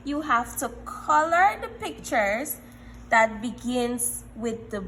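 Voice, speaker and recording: A woman teaching young children a phonics lesson, encouraging them and repeating letter sounds slowly. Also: fairly high pitch, big pitch swings, a bit bright, roomy sound, a little hiss or hum. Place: classroom.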